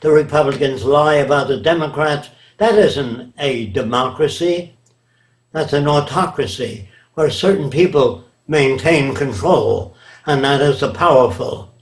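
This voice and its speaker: Speaking at a medium pitch and an unhurried pace, an older man responds to interview questions in a lecturing, emphatic manner, frequently making sure the listener follows. The room adds a noticeable echo.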